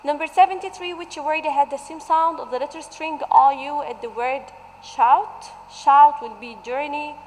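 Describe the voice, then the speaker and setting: A woman English teacher going through a revision worksheet, stretching out example words slowly as she explains. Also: high voice, steady tone, big-room sound, slight background noise, rough recording.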